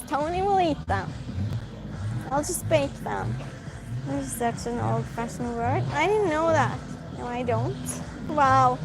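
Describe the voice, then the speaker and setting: A woman's voice: high-pitched, lively intonation, measured pace, rough recording. A woman, chatting casually and giggling as she reads out live comments while walking outdoors at night. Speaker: livestreamer. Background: music from a passing car.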